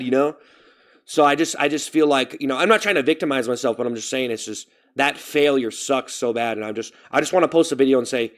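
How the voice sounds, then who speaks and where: A man's voice: medium pitch, a little fast. A man chatting on a live stream, rambling and repeating himself as he vents about feeling like a failure. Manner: rambling, repeats himself, self-pitying venting. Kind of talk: casual live-stream chat.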